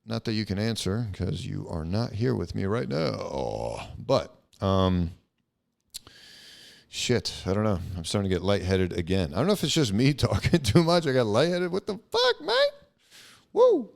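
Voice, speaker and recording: A man's voice: on the low side, animated, moderate pace, creaky. A young man hosting a casual solo podcast, rambling and swearing with lots of fillers. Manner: rambling, profane, frequent fillers. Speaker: podcast host.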